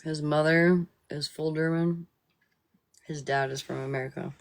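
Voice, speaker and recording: A woman's voice: low-pitched, steady tone, measured pace, dry recording. Chatty woman telling a laughing story. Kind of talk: casual anecdote.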